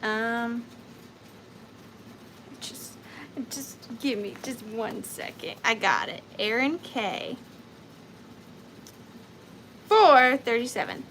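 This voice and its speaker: A woman in her thirties with a Southern US accent, hosting a live vintage sale in a chatty, upbeat way with high squeals. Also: expressive, slow pace, pauses often, a bit bright, a little hiss or hum, low-quality recording. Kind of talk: casual live-stream selling chat.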